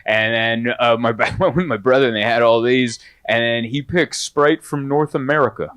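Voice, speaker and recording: Bright-voiced rambling stand-up comedian. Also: male voice, medium pitch, moderate pace, clean tone. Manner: rambling, animated storytelling with many fillers.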